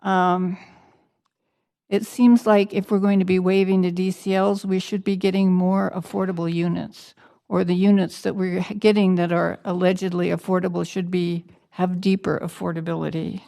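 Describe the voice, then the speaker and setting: A woman's voice: fairly low pitch, gravelly, warm tone. A woman with a Canadian accent, a city councillor speaking bluntly and critically at a council meeting, citing figures.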